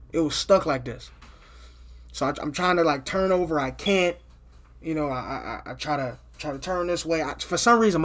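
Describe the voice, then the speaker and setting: A man's voice: fairly high pitch, a bit bright. A man telling a personal story in a casual, loose monologue. He swears freely, restarts his sentences and keeps adding "you know what I'm saying".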